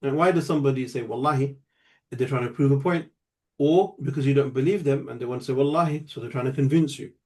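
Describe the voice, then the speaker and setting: Mellow-voiced man teaching a grammar lesson. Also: medium pitch, fast talker. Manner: patient, explains step by step with checking questions. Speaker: Arabic teacher.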